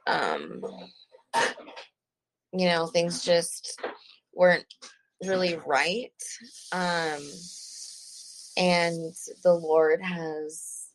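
A young woman recounts her own story as a guest. She talks slowly, halting and soft-spoken, with pauses and fillers between her thoughts. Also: lowish voice, animated, rough recording. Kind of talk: personal testimony.

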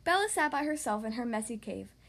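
High-voiced woman reading a storybook aloud. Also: very animated, brisk, creaky, fairly bright tone. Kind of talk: reading a picture book aloud.

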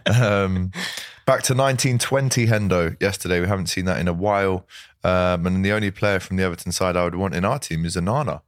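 Chatty low-voiced man. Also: no room sound, studio quality. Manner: chatty, laughs often, quick asides. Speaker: host. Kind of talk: casual football chat.

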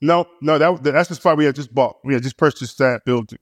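A man relates his experience as a pastor and church planter in relaxed storytelling, speaking a little fast. He stumbles over repeated words and uses fillers between phrases, and his ordinary mid-pitch voice is close and dry, with no surrounding room echo.

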